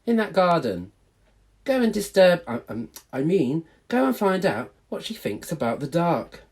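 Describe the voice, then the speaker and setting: A man's voice: fairly high pitch, very animated, unhurried, darkish tone, husky, voice pushed up, exaggerated voice. A man voicing a tired, firm mother barn owl in a motherly manner.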